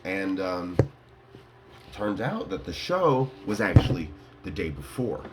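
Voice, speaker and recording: A man's voice: low voice, very animated, slow, background noise. A man casually telling his viewers a rambling story, laughing and full of fillers. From Colorado. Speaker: vlogger.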